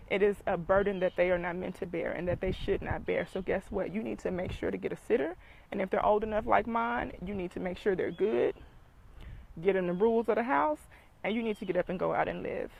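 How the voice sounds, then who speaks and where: Gravelly-voiced woman coach. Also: mid-range voice, slight background noise, low-quality recording. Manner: emphatic, preachy, repeats for emphasis. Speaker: dating coach and speaker. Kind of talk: motivational talk.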